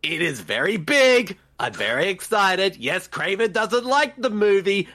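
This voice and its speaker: A man co-hosting a movie commentary podcast, playful and exaggerated, jumping into high excited tones. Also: measured pace, few pauses. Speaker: podcast co-host. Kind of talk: comedic movie commentary chat.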